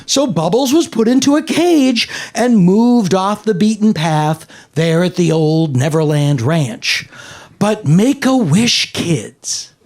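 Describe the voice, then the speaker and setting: A man doing a stand-up routine, telling a story deliberately and drawing out his punchlines. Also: high voice, darkish tone. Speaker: stand-up comedian.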